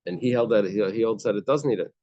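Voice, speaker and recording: A man with a low voice leads a daily Talmud class. He reads Aramaic phrases and then breaks them down in easygoing, conversational English. The recording is dry and a bit dull. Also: fast, dark tone, dry recording. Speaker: Talmud teacher.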